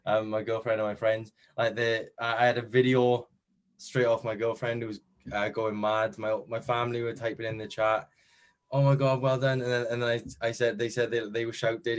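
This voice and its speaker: A man's voice: on the low side, little pitch movement, fairly quick. A young man with a Welsh accent, chatting modestly in an interview about winning a competition, with lots of fillers and restarts. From Wales. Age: young adult. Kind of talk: casual chat.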